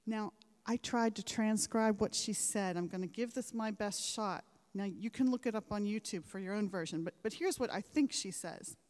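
A woman's voice: medium pitch, moderate pace, a little mellow. A woman delivering a formal commencement address, engaging her listeners with rhetorical questions and anecdotes. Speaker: commencement speaker. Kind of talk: formal ceremonial speech. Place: large ceremony hall. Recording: echoing large hall.

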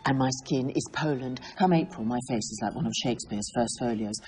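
A woman's voice: very deep voice, fairly quick, darkish tone, slight background noise. An actress playing a flamboyant, vain, middle-aged female author with an English accent, theatrical and breezy in a TV comedy-drama.

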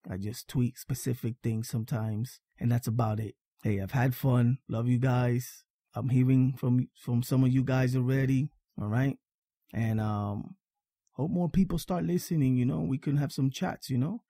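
A man's voice: medium pitch, fairly even intonation, normal speed, dark tone, no room sound, clean studio sound. A man hosting a casual sports fan podcast, talking emphatically, repeating his points and checking in with "all right?". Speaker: podcast host.

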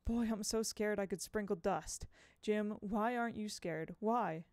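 A woman's voice: mid-range voice, a little slow, a little mellow, dry recording, studio quality, lightly acted. A woman voicing a nervous, anxious young boy who blurts things out, in an audiobook reading. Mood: scared.

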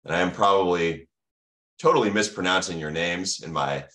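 American guy teaching doctors over a video call, low voice, asks then answers. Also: moderate pace, a bit bright. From United States. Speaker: medical lecturer. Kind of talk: online lecture with slides.

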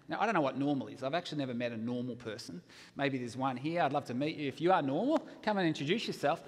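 A man giving a storytelling chapel talk at a university chapel, animated and acting out the people he quotes. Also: fairly high pitch, fast. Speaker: chapel speaker. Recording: long hall reverb in a chapel.

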